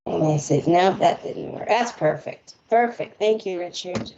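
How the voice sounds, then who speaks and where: A woman's voice: lowish voice, unhurried, few pauses, warm tone, muffled recording, slight background noise. An American woman reading palms on a live stream in a chatty, rambling way, often laughing as she talks. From United States. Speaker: palm reader and tarot reader. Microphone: remote internet connection.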